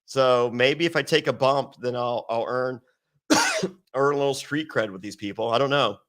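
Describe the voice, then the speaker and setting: A man from Virginia telling stories as an interview guest, swearing a lot and acting out quoted lines in a raised, excited voice. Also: medium pitch, normal speed. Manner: animated, acts out quotes in raised voice, heavy swearing. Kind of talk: casual storytelling with profanity.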